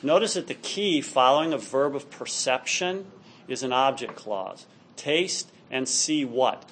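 A man's voice: medium pitch, expressive, a little slow, a bit bright, a little hiss or hum. A man teaching a class on Hebrew grammar, explaining patiently and checking in with students often. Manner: patient, explanatory, frequent "all right?" check-ins. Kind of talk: classroom lecture.

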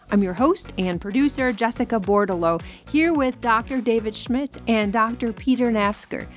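A woman from Wisconsin hosting a podcast on sermon planning, moving the talk along briskly and reading a scripture passage aloud. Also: fairly high pitch, soft background music. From Wisconsin, USA. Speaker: podcast host and producer.

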